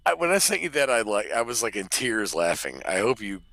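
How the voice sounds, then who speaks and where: Casting: excitable male co-host, lively bright voice, stammering, dry sound. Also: lowish voice, brisk, vocal fry, no echo. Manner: excitable, laughs a lot, stammers. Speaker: podcast co-host. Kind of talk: casual chat.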